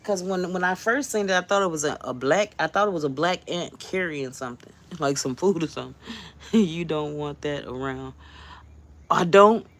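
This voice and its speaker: A woman's voice: sits low, normal speed. A woman vlogger talking casually to her viewers, chatty and jumpy, laughing often as she frets.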